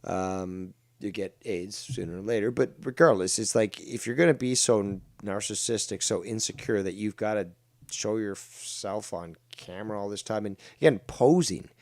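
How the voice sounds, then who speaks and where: A man's voice: lowish voice, moderate pace, a little mellow, no echo, studio quality. A man commenting on online drama during a livestream, mocking, sarcastic and full of profanity.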